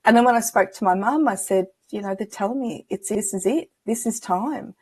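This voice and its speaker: A woman's voice: medium pitch, a little fast, darkish tone, slightly rough, no echo. A woman guest on an interview show, a spiritual medium telling personal stories in a chatty, reflective way and acting out the dialogue she remembers. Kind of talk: casual interview storytelling.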